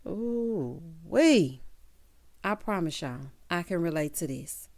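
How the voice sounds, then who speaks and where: A woman's voice: fairly low pitch, lively intonation, takes it slowly, darkish tone. Sassy woman recapping a TV show. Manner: sassy, talks straight to viewers, acts out quotes. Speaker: TV recap host. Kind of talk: casual show recap and commentary.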